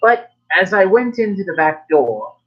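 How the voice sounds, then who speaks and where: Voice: mid-range voice, sing-song, unhurried, muffled recording, voice pushed up. A game master voicing an old man from the town who tells his story in a rambling, folksy way. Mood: reminiscing.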